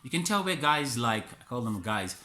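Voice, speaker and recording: A man's voice: mid-range voice, big pitch swings, moderate pace, sharp tone, a little hiss or hum. A man from West Africa giving an earnest, emphatic motivational talk as a Toastmaster, repeating his key phrases. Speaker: Toastmaster speaker. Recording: echoey room.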